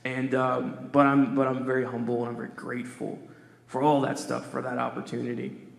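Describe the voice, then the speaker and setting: Middle-aged man, gravelly voice, animated casual panel storyteller, echoey convention hall sound. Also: medium pitch, brisk. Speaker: panel speaker.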